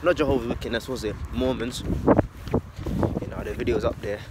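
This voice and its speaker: A man's voice: mid-range voice, steady tone, brisk, heavy background noise. A man talking casually about faith in a loose, slangy monologue, swearing and ending lines with "man.". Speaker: religious vlogger.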